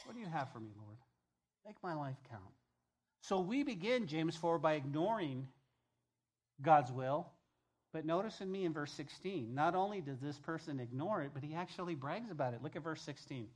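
A male pastor preaching a sermon, emphatic, repeating key phrases and swinging between loud and hushed delivery. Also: a little high, expressive, normal speed, husky.

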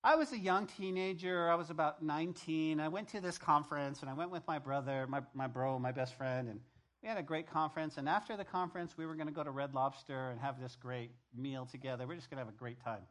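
A man's voice: a little high, quick pace, fairly bright tone. A middle-aged male pastor preaching a conversational sermon, repeating key phrases and telling stories from the pulpit.

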